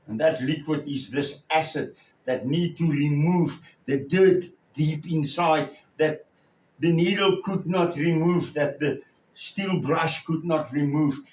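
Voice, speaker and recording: Slow, halting male preacher. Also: on the high side, a little mellow. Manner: slow, halting delivery with many pauses. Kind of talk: sermon storytelling. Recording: echoey room, far from the mic.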